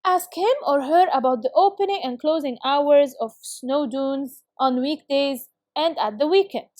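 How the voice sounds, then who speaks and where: High-voiced encouraging woman teacher. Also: darkish tone, dry recording, clean studio sound. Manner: encouraging, praises students often; slow, careful reading of model phrases. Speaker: English teacher. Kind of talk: recorded video lesson for schoolchildren.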